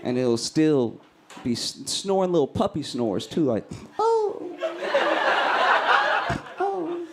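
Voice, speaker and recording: Animated male stand-up comedian. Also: mid-range voice, normal speed, heavy background noise. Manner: animated storytelling, acting out screams and voices. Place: comedy club stage.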